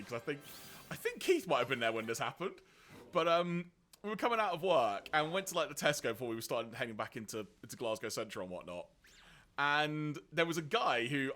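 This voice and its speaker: A man co-hosting a game stream, telling stories in a relaxed, chatty way and laughing often. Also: medium pitch, fairly quick. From England. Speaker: streamer co-host. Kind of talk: casual chat while gaming.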